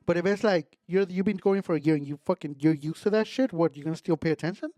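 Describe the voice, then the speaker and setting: A man's voice: fairly high pitch, quick pace, mellow, no echo, studio quality. A man, a podcast co-host who argues his point in casual chat and drops "güey" into his speech. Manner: argumentative, peppers speech with "güey".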